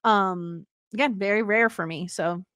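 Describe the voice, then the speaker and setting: A woman co-hosting a casual podcast, telling stories in a chatty, animated way. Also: medium pitch, measured pace, no echo, studio quality. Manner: chatty, animated storytelling with laughs. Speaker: podcast co-host. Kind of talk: casual chat.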